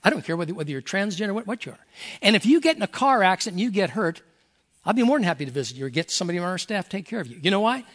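A man's voice: high voice, very animated, rapid-fire, a bit bright. An older man, a pastor emeritus, preaching a folksy, earnest sermon and reading scripture aloud.

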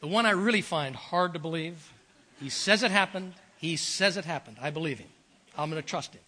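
A man's voice: a little high, lively intonation, brisk, pushed and bright. An older man preaching a sermon as pastor, earnest and emphatic, telling stories and repeating phrases for effect.

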